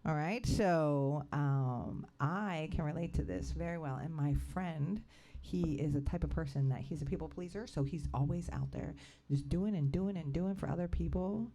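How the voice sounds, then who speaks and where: A woman's voice: deep voice, moderate pace, dark tone. A woman co-hosting a casual positivity podcast, chatty and upbeat, laughing often. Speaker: podcast co-host. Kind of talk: casual chat.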